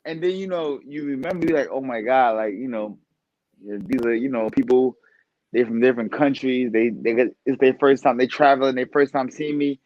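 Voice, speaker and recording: A boxer talking casually as a podcast guest, animated and profane, often laughing. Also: male voice, medium pitch, a little fast, dry recording, dull audio. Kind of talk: casual interview talk.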